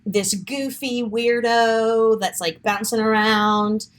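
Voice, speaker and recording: A woman's voice: fairly high pitch, steady tone, slow. A woman co-hosting a podcast, chatting casually, laughing often and rambling as she searches for words. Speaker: podcast co-host. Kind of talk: casual chat.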